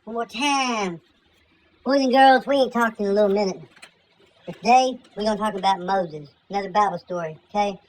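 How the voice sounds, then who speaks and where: A woman retells scripture as a crude, profane comic story, with slang and rambling asides. Her voice sits at an ordinary pitch for a woman, and a faint hiss of noise runs beneath it. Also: fast, a little mellow, low-quality recording.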